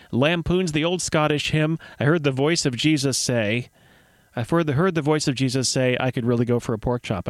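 A man's voice: mid-range voice, no room sound. Wry, chatty male radio host. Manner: wry, chatty, joking asides. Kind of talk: casual radio presenting. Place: radio studio. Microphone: studio microphone.

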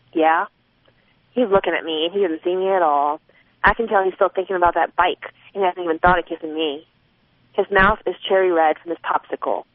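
Voicing a twelve-year-old girl's inner thoughts with expression, a woman narrates a first-person novel as an audiobook. Her voice is on the low side, and the recording is dry with a narrow, phone-like quality.

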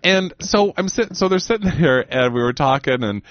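A man's voice: fairly high pitch, animated, moderate pace, no echo, dull audio. A man co-hosting a casual chat, rambling with lots of fillers and playful, campy jokes. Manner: rambling, fills with "like" and "or whatever"; jokey, playfully camp. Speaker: co-host.

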